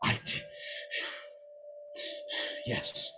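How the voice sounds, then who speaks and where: A man voicing a proud, stern high elf noble father who speaks slowly and emphatically. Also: over music. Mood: grieving. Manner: haughty, slow, emphatic.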